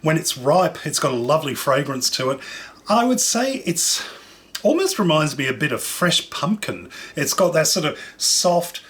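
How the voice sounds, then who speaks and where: A man with a slightly high voice hosts a relaxed cooking demonstration. He talks in a friendly, chatty way, enthusiastically describing flavours and textures as he tastes. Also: normal speed. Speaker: cooking show host. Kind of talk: casual food demonstration.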